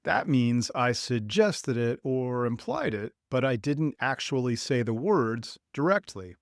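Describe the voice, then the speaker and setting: Man, podcast English teacher, slow deliberate pace, animated intonation, dry close sound. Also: mid-range voice, no room sound. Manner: slow, clear, deliberate delivery. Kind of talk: scripted lesson for learners.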